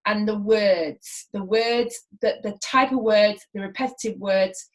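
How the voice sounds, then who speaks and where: A woman's voice: mid-range voice, measured pace, rough recording. A woman mindset coach teaching a lesson on listening skills, acting out client phrases as she explains. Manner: lively, acts out client phrases.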